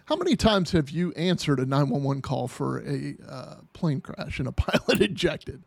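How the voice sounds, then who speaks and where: A man's voice: fairly high pitch, very animated, moderate pace, creaky, dry recording. A man hosting a podcast in casual chat, rambling with many restarts and fillers. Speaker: podcast host.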